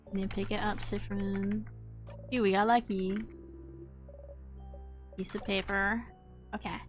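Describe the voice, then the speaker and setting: A woman's voice: mid-range voice, level tone, unhurried, soft background music. A woman streamer giving casual, playful commentary as she plays a video game, often talking to herself. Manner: playful, talks to herself while playing.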